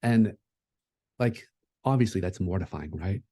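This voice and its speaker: A man's voice: low-pitched, a little slow, mellow, no echo. A man giving a keynote talk at a conference, speaking in a reflective, conversational way, with many fillers and restarts.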